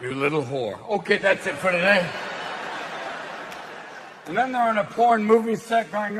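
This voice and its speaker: A man performing manic, rapid-fire stand-up comedy. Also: high voice. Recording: noisy live stand-up venue.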